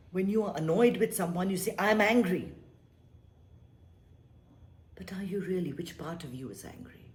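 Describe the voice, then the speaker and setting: A woman giving a gentle, reflective spiritual talk as a meditation teacher, sometimes dropping into a whisper. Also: on the low side.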